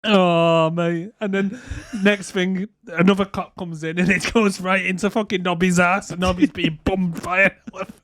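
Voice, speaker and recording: A man's voice: sits high, flat delivery, moderate pace, hardly any pauses, a bit bright, no room sound, clean studio sound. A man co-hosting a podcast, chatting casually and crudely about a film, laughing often and quoting lines. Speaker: podcast co-host. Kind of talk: casual film review chat.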